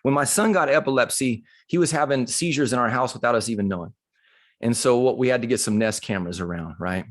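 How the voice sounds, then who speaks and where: Middle-aged male motivational speaker, animated and conversational, emotional storytelling, mid-pitched voice. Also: quick pace. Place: live retreat session.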